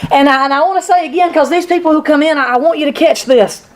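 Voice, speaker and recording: Woman, high voice, Sunday school teacher, animated conversational Bible lesson, class responding in the room. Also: fast talker, background noise. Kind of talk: women's Bible study lesson. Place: church classroom with a group.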